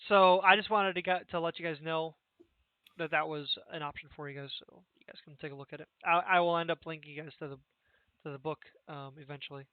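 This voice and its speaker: Casual young male game master, slightly high voice, rambling with fillers, tinny voice-chat sound. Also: steady tone, fast, clear, resonant tone, dry recording. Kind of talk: running a tabletop game over voice chat.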